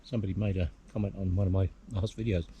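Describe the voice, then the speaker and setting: Deep-voiced Englishman rambling on a hilltop. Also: fairly even intonation, fast talker, dark tone, dull audio, slight background noise. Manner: rambling, musing aloud with many hums. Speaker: hiking vlogger. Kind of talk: casual outdoor vlog commentary. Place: outdoors on a hillside.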